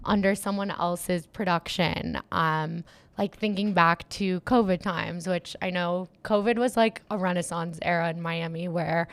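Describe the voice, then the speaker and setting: A young woman in Miami who organizes events and manages DJs chats casually in an interview, her voice fairly low and her pace measured. She's chatty and excitable, sprinkling her speech with plenty of "like."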